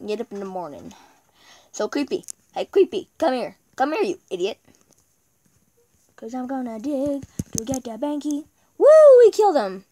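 A woman chats her way through her own gameplay in casual running commentary. Her voice sits a little high and is lively, with wide swings in pitch. She talks to herself and to the viewers as she plays. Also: moderate pace, long pauses. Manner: chatty, talks to herself while playing. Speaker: gameplay video maker.

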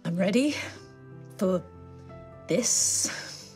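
A woman's voice: mid-range voice, lively intonation, drawn-out words, a little mellow, faint music behind. A woman voicing a delicate, prim young noblewoman who is very polite. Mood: polite, dainty.

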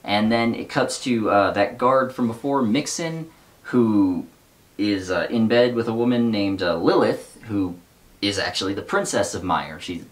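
A man casually recapping and reading from a novel, rambling with fillers and wry asides. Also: lowish voice.

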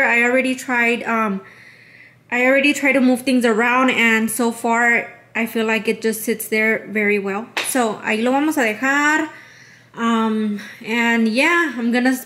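A woman's voice: fairly high pitch, fairly bright tone. A young woman, chatting casually in a vlog and switching between English and Spanish. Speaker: vlogger.

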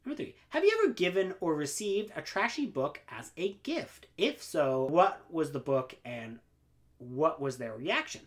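A man's voice: on the high side, very animated, moderate pace. Young male book vlogger, casual and rambling, self-deprecating, fillers everywhere. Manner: rambling and self-deprecating, full of ums and likes. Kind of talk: casual book tag vlog.

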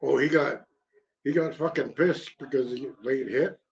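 A man's voice: medium pitch, steady tone, measured pace, vocal fry, muffled recording. A man co-hosting a casual live stream while watching a football game, laid-back, giving short replies and explaining the plays.

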